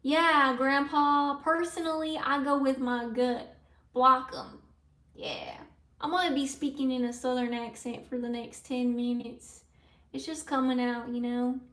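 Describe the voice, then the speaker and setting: A woman with a high voice chats casually on her livestream, rambling along as she answers viewer comments aloud. She sits back from the microphone, so her voice sounds distant in a room with a noticeable echo. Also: unhurried, fairly bright tone. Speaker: live streamer. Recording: roomy sound from away from the mic.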